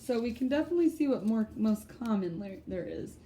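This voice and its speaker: A woman teacher talks her students through a spelling sort. Her voice is mellow and easygoing, and she slows down to sound out each word with care. A faint hum sits under the recording. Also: on the high side, animated. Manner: patient, explaining slowly and sounding out words.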